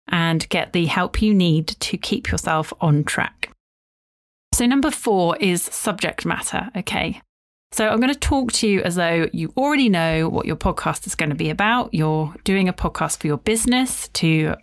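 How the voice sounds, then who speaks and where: A woman hosting her own podcast, chatting in a rambling, friendly way and acting out her inner thoughts in quick asides. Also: fairly low pitch. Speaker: podcast host and podcast editor. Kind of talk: solo podcast talk.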